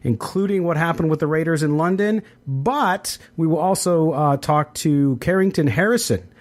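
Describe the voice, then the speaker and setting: A middle-aged man hosting a sports podcast, reading sponsor spots and chatting casually with frequent fillers. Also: on the high side. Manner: conversational, quick sponsor reads with fillers. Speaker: podcast host.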